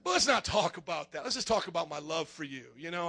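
A man, a pastor, preaching a sermon in a jokey, animated way, calling out to the congregation for responses. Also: high-pitched, brisk, hardly any pauses, breathy edge.

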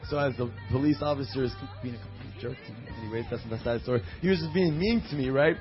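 A man preaching a sermon as pastor, reading scripture slowly and telling personal stories full of fillers and quoted voices. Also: mid-range voice, highs cut off, music in the background. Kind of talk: sermon with storytelling.

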